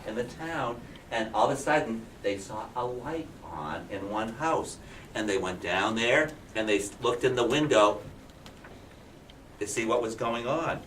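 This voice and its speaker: A man's voice: medium pitch, animated, normal speed, fairly bright tone, slight background noise. A male kindergarten teacher animatedly telling a picture-book story to young children, often asking them questions. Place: classroom. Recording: roomy classroom from a distance.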